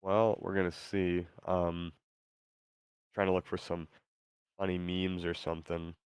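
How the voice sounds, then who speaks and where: A man with a low, deep voice hosts a casual chat with an AI. He talks in an easygoing, tentative way, often pausing mid-thought. The sound is dry and close. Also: flat delivery, darkish tone, smooth, dry recording. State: tired, yawning. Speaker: show host.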